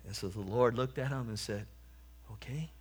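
A man's voice: medium pitch, moderate pace, slightly rough. A man preaching a sermon, telling a humorous story and then exhorting and praying fervently.

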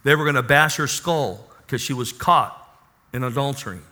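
A man preaching a sermon, animated, reading scripture and then dropping to a soft, intimate tone. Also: medium pitch, normal speed. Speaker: pastor.

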